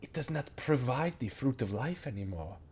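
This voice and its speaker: A man voicing a solemn female goblin priestess who speaks in a formal, measured, quiet way that at times drops to a whisper. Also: medium pitch, expressive, slightly rough. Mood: hushed. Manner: formal, measured, soft-spoken, sometimes whispered.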